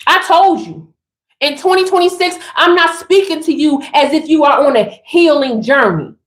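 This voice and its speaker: A woman's voice: sits high, normal speed, reverberant. A woman giving an emphatic, sassy motivational spiritual talk straight to her listeners.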